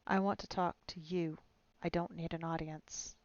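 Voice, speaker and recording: A woman's voice: fairly low pitch, steady tone, normal speed, no echo, lo-fi sound, lightly acted. A woman reading a terse grim monster hunter. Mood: curt. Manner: curt, level.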